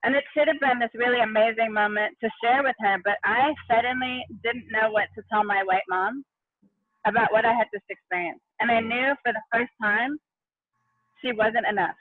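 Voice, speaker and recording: A woman's voice: on the high side, moderate pace, no room sound. Middle-aged woman storytelling over a tinny line. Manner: earnest, vivid storyteller with frequent restarts. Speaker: interview guest, education consultant. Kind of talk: personal storytelling in a conversation. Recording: tinny phone-like line, dry.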